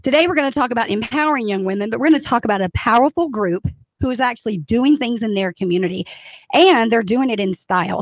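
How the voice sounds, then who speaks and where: A woman hosting a lively radio talk show, enthusiastic and chatty as she cheers her guests on. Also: fairly high pitch, fast, dry recording. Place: radio studio. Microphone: studio microphone.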